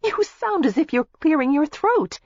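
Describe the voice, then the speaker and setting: A woman voicing a spirited young American heiress in an audiobook, frank and lively in her speech. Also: high-pitched, moderate pace, no room sound, lo-fi sound, pitched above the performer's own voice. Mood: protesting. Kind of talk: audiobook character voice.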